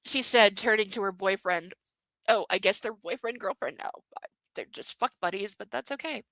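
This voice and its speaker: A woman's voice: mid-range voice, moderate pace, bright, forceful tone, dry recording, low-quality recording. A young woman hosting a book club, reading a novel aloud with sarcastic, mocking asides. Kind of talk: comedic book reading with commentary.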